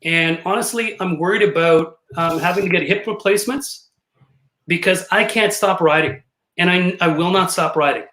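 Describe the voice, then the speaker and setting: A man's voice: sits high, normal speed, fairly bright tone. A man of around fifty, a podcast guest, telling jokey stories with plenty of laughs over a video call. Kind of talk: casual podcast chat. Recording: roomy echoey call audio.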